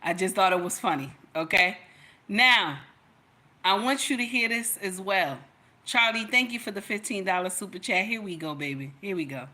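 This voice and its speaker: Bright-voiced woman streaming casual commentary. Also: medium pitch, normal speed. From Nigeria. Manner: chatty, preachy, talks straight to viewers. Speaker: commentary channel host.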